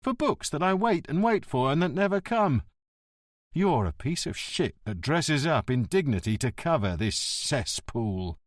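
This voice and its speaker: A man's voice: fairly high pitch, sing-song, unhurried, no room sound, clean studio sound. A man reading an audiobook, voicing a cunning, hot-tempered police inspector who talks in a biting, theatrical way. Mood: contemptuous.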